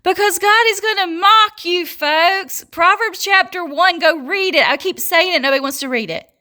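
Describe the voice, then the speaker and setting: A woman with a high, bright, sharp voice delivers a fervent religious monologue as a self-styled prophetess. She scolds and mocks her listeners and keeps breaking into laughter mid-sentence. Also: moderate pace.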